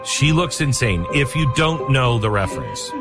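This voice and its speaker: A man hosting a political talk show, giving opinionated commentary with a chuckling, animated delivery. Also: mid-range voice, over music. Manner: animated, chuckling, speeds up and slows down. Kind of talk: opinionated commentary on a played clip.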